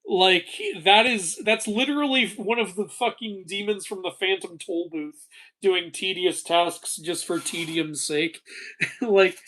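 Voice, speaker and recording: A man hosting a casual live-stream Q&A, reading chat questions and answering in an animated way, laughing often and swearing casually. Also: high voice, a little slow.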